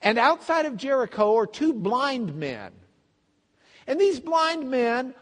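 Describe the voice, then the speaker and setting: A man teaching a Bible class as a pastor, telling the story with lively acted-out voices. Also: very high voice, slow pace, in a large hall. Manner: animated storytelling, acts out voices of the crowd and blind men. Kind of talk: sermon.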